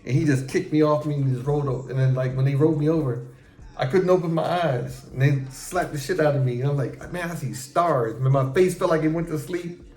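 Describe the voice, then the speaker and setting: A middle-aged man hosting a casual chat with his son, telling profane, animated stories about his past and acting out how he reacted. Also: a little high, fast. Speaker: show host talking with his son. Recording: echoey room with faint music.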